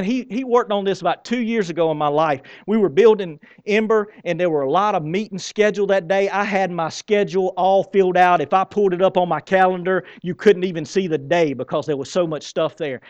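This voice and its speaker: Middle-aged pastor, high voice, chatty and animated sermon delivery. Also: male voice, no echo. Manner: conversational and animated, repeats words, asks the crowd questions.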